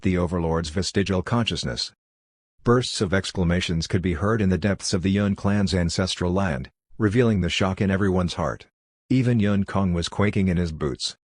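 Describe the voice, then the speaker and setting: A man narrating a fantasy audiobook in a steady, even reading manner. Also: deep voice, dry recording, studio quality. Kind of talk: scripted narration.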